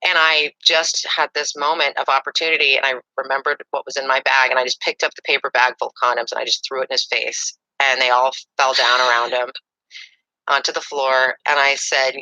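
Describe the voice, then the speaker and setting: A woman's voice: very deep voice, flat delivery, a little fast, pushed and bright, dry recording, rough recording. A woman telling a personal story in a casual interview, with a dramatic, breathless way of talking. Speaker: interview guest.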